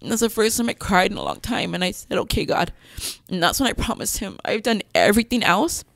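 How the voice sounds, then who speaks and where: Candid woman with a gravelly, dry voice. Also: medium pitch, very animated, fairly bright tone, no room sound. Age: adult mother with several children. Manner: candid, frequent "um" pauses, acts out her past self. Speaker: guest telling her life story. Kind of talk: personal testimony in a podcast interview.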